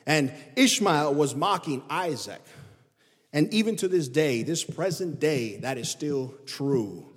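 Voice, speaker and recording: A man preaching a sermon in a high voice, pressing each point with sudden swings in pitch and volume. His words ring out with a long hall reverb behind them. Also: expressive, slow. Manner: emphatic preaching that rises and drops in pitch and loudness.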